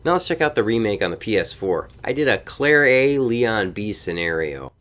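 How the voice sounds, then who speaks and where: A man's voice: lowish voice, moderate pace. A man giving a comedic, profane game review voice-over. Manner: profane, animated.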